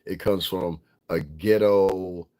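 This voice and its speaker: A man's voice: low voice, fairly even intonation, takes it slowly, warm tone. A middle-aged man from Connecticut, ranting bluntly and profanely in a casual livestream, laughing often. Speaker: vlogger.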